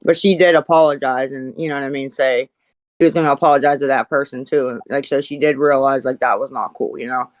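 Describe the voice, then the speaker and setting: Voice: medium pitch, steady tone, fairly quick, no echo, low-quality recording. Hesitant, filler-heavy chat moderator. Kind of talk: casual voice chat.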